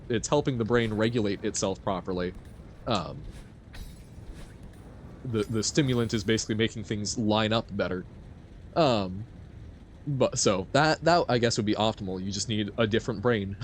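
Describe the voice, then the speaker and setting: A man's voice: fairly low pitch, a little hiss or hum. A man streaming a video game live, chatting casually with his viewers, rambling and often laughing. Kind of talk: casual chat while playing a game live.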